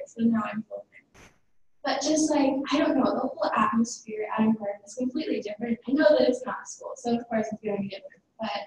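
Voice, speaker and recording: A woman's voice: on the high side, a little mellow. Chatty teen girl in an echoey room. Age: teens. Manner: chatty, lots of "like", quick asides and laughs. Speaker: panelist. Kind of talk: personal story on a panel. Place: large room at an event. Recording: very echoey room from far off with faint noise.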